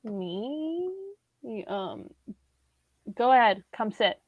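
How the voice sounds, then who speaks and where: A woman's voice: mid-range voice, big pitch swings, drawn-out words, dry recording, dull audio. A woman streamer chatting casually and teasing her friend while they read fan fiction aloud, swearing freely. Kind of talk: casual chat and dramatic reading. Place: home room.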